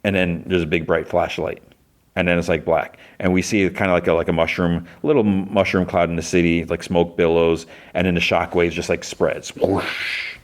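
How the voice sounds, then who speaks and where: A man's voice: deep voice, flat delivery, a little fast. A man hosting a podcast, recapping a TV episode casually with lots of fillers and restarts. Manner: rambling, heavy use of fillers and restarts; briefly acts out characters' lines in quotes. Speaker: podcast host.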